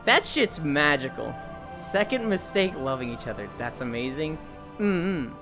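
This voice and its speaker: Lively streamer telling stories mid-walk. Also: mid-range voice, unhurried, music in the background. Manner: animated storyteller who swears casually; walking on a treadmill while talking. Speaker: live streamer. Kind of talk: casual chat with viewers.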